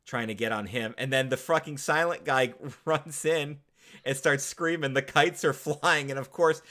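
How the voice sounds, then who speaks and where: A man's voice: medium pitch, moderate pace. A man co-hosting a casual podcast, recapping a film with lots of swearing, laughter and acted-out quotes. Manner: animated, swears a lot, acts out movie quotes. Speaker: podcast co-host. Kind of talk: casual chat.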